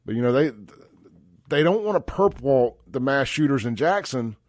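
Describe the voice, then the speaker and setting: A man's voice: medium pitch, expressive, normal speed, no room sound, studio quality. A man from Mississippi hosting a talk radio show, blunt and folksy, calling listeners brother. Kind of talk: conservative talk radio commentary.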